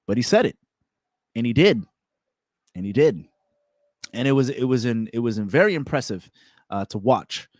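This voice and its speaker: A young man hosting a self-improvement show, telling a personal story in a candid, repetitive, animated way. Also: medium pitch, normal speed, long pauses, no room sound, studio quality. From California. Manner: candid, repeats words, animated retelling with laughs. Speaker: self-improvement podcast host.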